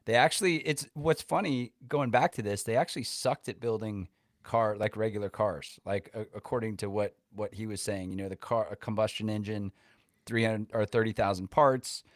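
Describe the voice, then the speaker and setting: Easygoing man co-hosting a podcast, lowish voice, loose chatty delivery, dry sound. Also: steady tone, normal speed, no echo. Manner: loose, conversational, many fillers like "you know" and "kinda". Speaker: podcast co-host. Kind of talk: casual chat.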